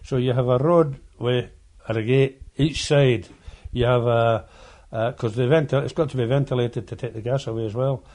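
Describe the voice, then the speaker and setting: An older man, a former coal miner, reminiscing in an oral history interview, halting and often repeating words as he tells his stories. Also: medium pitch, steady tone, a little mellow.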